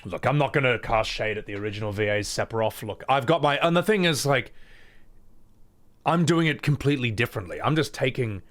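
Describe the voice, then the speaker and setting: A man's voice: mid-range voice, lively intonation, a little fast. Playful man streaming. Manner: playful, laughs often, swears. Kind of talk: casual reaction commentary.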